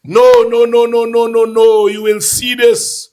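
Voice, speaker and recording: A man hosting a casual talk show, animated and laughing, repeating phrases for emphasis. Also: very high voice, measured pace. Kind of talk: casual call-in political chat.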